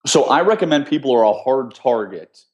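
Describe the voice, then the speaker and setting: A man's voice: medium pitch, a little fast, dull audio. A man, a former intelligence officer, explaining survival techniques step by step as a guest in an interview. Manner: steady, instructive, explains step by step with examples. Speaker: guest, former CIA officer teaching escape skills. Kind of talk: conversational interview.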